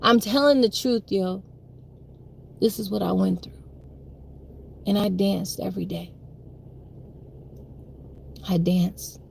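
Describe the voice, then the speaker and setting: A woman's voice: mid-range voice, a little slow, gravelly, pauses often, darkish tone, slight background noise. A young woman telling a personal story on a livestream, emphatic and repetitive, with frequent swearing. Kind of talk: livestream monologue.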